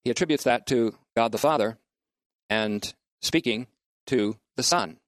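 A man delivers a scripture lesson in a measured, methodical way, pausing to spell out Greek words letter by letter. His voice sits in an ordinary middle register. The sound is close and dry, with no room echo. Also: mid-range voice. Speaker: bible teacher. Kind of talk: scriptural lecture.

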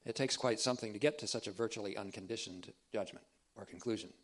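A man teaching a theological sermon, deliberate and emphatic, repeating key phrases for emphasis. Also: on the low side. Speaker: preacher.

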